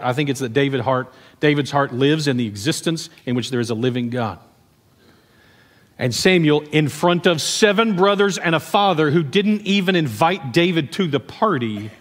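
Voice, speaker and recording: Animated preacher in a reverberant hall. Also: male voice, a little high. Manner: conversational, animated storytelling with laughs and asides. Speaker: pastor. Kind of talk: sermon.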